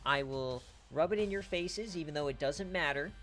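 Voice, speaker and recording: A man calls simulated college football games live on stream, hyping big plays and ribbing rival coaches in loose slang. His voice is bright and forceful, and faint music plays behind him. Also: a little high, normal speed. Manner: excitable, trash-talking, casual slang. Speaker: online dynasty league streamer. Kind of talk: live-stream sports commentary.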